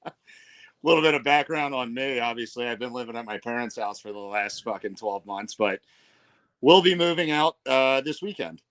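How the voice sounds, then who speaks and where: A man's voice: medium pitch, expressive, moderate pace, a bit bright. A man joining a podcast as a guest over a video call, talking in a laid-back, friendly way. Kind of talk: casual chat.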